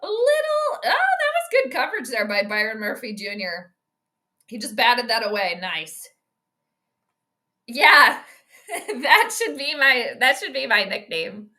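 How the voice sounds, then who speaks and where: A woman hosting a casual live stream, commentating a football game, chatty and excitable, reading chat aloud and laughing often. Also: on the high side, unhurried, long pauses.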